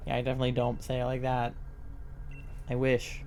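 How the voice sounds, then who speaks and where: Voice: medium pitch, a little mellow. A live streamer from the Southern United States with a mild Southern accent, chatting casually and swearing freely while gaming, throat sore. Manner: chatty, loose and swearing, often laughing.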